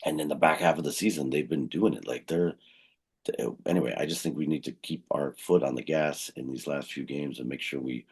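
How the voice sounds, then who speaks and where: Podcast co-host, male, very low gravelly husky voice, rambling casual sports talk. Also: fairly quick, darkish tone. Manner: rambling, lots of fillers and self-corrections.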